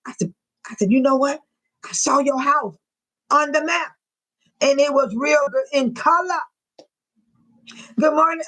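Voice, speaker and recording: A woman's voice: fairly high pitch, fairly bright tone, poor audio. A woman hosting a casual livestream, talking to her viewers by name. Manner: emotional, talks to viewers by name. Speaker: livestream host.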